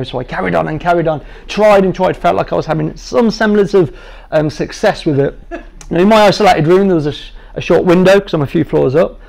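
Man, thirties, slightly high gravelly voice, light self-mocking storyteller to a room of trainees. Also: darkish tone. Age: 30s. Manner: jovial, self-deprecating, makes light of things. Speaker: guest speaker sharing his patient story. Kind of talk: humorous personal storytelling to a training group.

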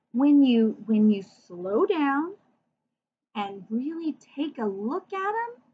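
A woman leads a children's phonics lesson, sounding words out bit by bit and encouraging her young listeners with questions. Her voice sits high and swoops up and down with lively expression, and she takes her time. The recording sounds dull and lo-fi, like home video audio. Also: slight background noise. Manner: sounds words out slowly, letter by letter. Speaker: teacher.

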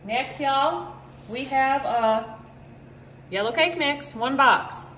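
Chatty high-voiced woman cooking. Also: slow pace, fairly bright tone, a little hiss or hum. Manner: chatty and rambling, keeps calling viewers "y'all". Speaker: home cooking vlogger. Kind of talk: casual cooking demonstration. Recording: echoey kitchen with faint ambience.

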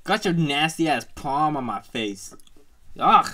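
Loud, foul-mouthed young gamer guy. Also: fairly high pitch, expressive, a little slow. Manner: profane, loud, laughing outbursts. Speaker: gaming video co-host. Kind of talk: crude, joking co-op gameplay banter.

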